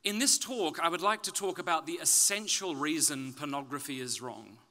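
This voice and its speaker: A man from Australia with an Australian accent softened toward British, giving a conference talk with dry, self-deprecating humor. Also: a little high, moderate pace. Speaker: conference speaker. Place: conference venue.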